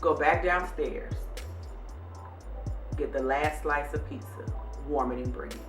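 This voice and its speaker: This vlog host's voice is low and unhurried as she narrates a story and animatedly reenacts scolding her son. The recording carries room echo, a distant mic, and soft background music.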